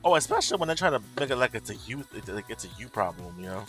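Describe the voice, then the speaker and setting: A man's voice: medium pitch, sing-song, very fast, a bit bright, faint music behind. Blunt, profane man ranting on stream. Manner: blunt, profane, exasperated, talks back to chat. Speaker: tarot livestream host. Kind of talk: casual livestream rant.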